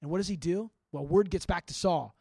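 A male pastor teaching a sermon in a conversational, animated way, acting out scripture and talking straight to his listeners. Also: sits high, brisk, gravelly, dry recording, clean studio sound. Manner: frequent restarts and asides to listeners.

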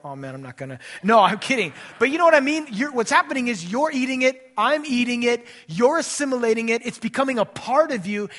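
Male pastor, church sermon, swings from booming emphasis to hushed lows, fairly high voice. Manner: dynamic preaching, swings between loud emphatic and soft low passages. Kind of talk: sermon with closing prayer.

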